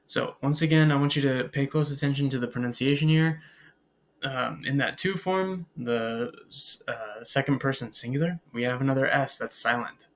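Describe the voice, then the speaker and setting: A man teaching a beginners' French lesson over slides, patient and filling pauses with "uh" and "um" as he models French phrases. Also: mid-range voice. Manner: patient, many filler "uh"s and "um"s; switches into careful French pronunciation models. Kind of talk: recorded slide lecture.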